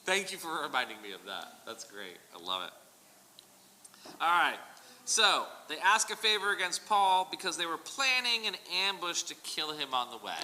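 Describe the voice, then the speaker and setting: Male Bible study teacher, chatty and animated, bright tone, long room reverb. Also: on the high side, normal speed. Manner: animated, digressive, joking asides. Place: church hall. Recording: reverberant hall, faint noise.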